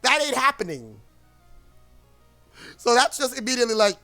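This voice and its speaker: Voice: mid-range voice, big pitch swings, normal speed, bright, forceful tone, soft background music. A streamer in a casual livestream rant, rambling and blunt, with frequent swearing.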